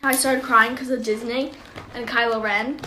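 High-voiced young woman, echoey room. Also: level tone, moderate pace, bright, forceful tone. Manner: chatty, heavy use of "like". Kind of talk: casual chat. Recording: echoey room with faint noise.

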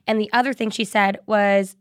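A woman's voice: medium pitch, steady tone, normal speed, clean tone, no room sound, clean studio sound. A young woman co-hosting a podcast in casual chat, saying "like" and "exactly" a lot. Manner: chatty, says "like" and "exactly" a lot. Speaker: podcast co-host. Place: podcast studio.

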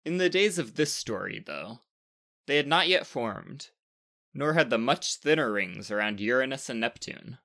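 A man reading a storybook tale aloud with lively, expressive narration. His voice is bright and forward, at a middle pitch for a man. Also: normal speed, vocal fry.

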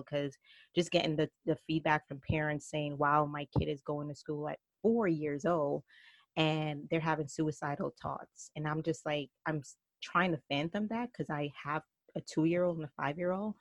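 A woman's voice: sits low, dry recording. A woman in her thirties from Jamaica, with an accent mixing Jamaican and New York, speaking earnestly as a podcast guest and laughing often. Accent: Jamaican mixed with New York. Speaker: guest entrepreneur. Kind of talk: podcast interview.

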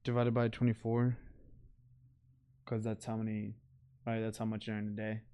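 A man's voice: lowish voice, completely flat delivery, moderate pace, warm tone, clear, resonant tone, no room sound. A young man co-hosting a podcast, talking casually and profanely, laughing often and mimicking people. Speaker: podcast co-host. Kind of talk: casual chat.

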